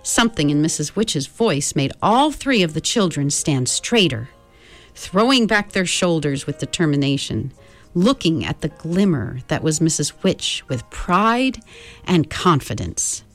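A woman hosting a children's show, reading a chapter book aloud with expressive narration. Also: low voice, soft background music. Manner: expressive, slow, animated narration.

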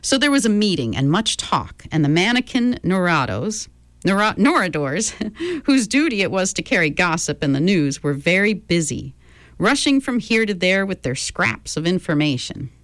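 Lively woman reading a storybook. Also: fairly low pitch, moderate pace, no room sound, clean studio sound. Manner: expressive, giving characters their own voices.

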